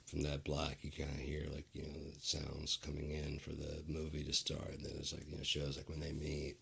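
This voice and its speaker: A man's voice: rumbling low, completely flat delivery, a little fast, gravelly, fairly bright tone, breathy edge. A man rambling casually on a stream, drawling and profane, with sentences that trail off and restart.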